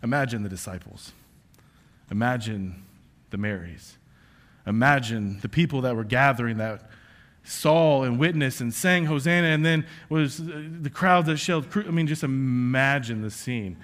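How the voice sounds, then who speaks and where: Impassioned man preaching, loud and bright. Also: mid-range voice, measured pace. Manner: swings from shouting to hushed whispers; self-confessed yeller, passionate and conversational. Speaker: pastor. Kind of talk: sermon.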